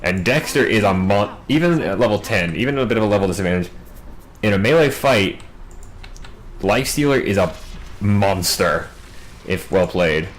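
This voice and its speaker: A man doing solo play-by-play game commentary, racing through big fights and dropping wry asides in quiet moments. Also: lowish voice, poor audio. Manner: quick, excitable calls in big plays, wry asides in lulls. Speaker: match commentator.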